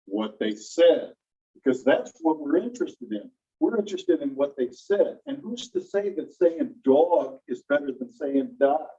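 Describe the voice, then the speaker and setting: A male teacher gives a classroom lecture in a slightly high, mellow voice with a husky edge. He explains step by step and keeps turning questions to the class. The recording sounds dull and lo-fi. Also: very animated, unhurried.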